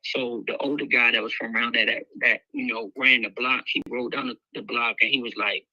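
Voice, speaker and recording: Man, candid emotional storytelling, tense bright voice, dry close sound. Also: mid-range voice, steady tone, a little fast, no echo, dull audio. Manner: candid, emotional, loose with fillers. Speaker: guest speaker sharing his life story. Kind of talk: personal storytelling.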